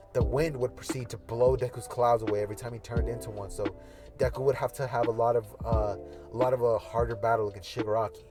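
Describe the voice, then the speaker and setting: A man casually narrating a hypothetical anime fight scenario, rambling with fillers. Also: mid-range voice. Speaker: YouTuber. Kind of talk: casual fan-fiction storytelling.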